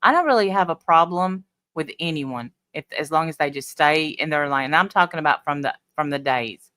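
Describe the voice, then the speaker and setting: A woman with a low, dark-toned voice chats bluntly with her live viewers, answering comments as they come in. Her voice sits close and dry, with no room sound around it. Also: animated, brisk, no room sound. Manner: chatty, blunt, talks back to chat. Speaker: livestream host. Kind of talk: casual live chat reading comments.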